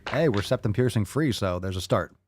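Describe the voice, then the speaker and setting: Male podcast host, low voice, mocking reaction commentary, dry close sound. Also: lively intonation, a little fast, no echo, a faint crowd. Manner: blunt, mocking, profane.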